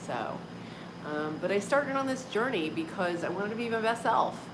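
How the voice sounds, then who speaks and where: This livestream host is a woman in her forties whose mid-range voice is expressive and moderately paced. Chatting casually with viewers from home, she laughs a lot and leans heavily on fillers like "like" and "um." The recording has clearly audible background noise.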